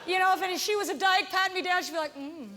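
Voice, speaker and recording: Middle-aged woman comic, very high voice, ranting stand-up set on a festival stage, echoing hall. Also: rapid-fire. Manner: animated, ranting, mimics voices. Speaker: stand-up comedian. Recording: live hall with reverb and audience noise.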